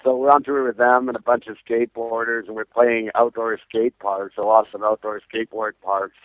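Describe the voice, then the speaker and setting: Brief: punk singer on the phone, chatty storyteller who laughs a lot, dry close sound over a tinny line. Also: male voice, mid-range voice, fairly quick, dry recording. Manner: animated storyteller, laughs often, acts out quotes. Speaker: punk band singer, interviewee. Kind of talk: phone interview, casual storytelling.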